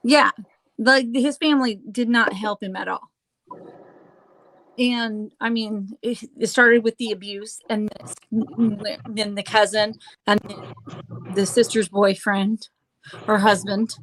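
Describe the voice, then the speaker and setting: A woman hosting a casual true-crime chat, halting with fillers and restarts and dropping sarcastic asides. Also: medium pitch, steady tone, fairly bright tone, poor audio. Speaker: host.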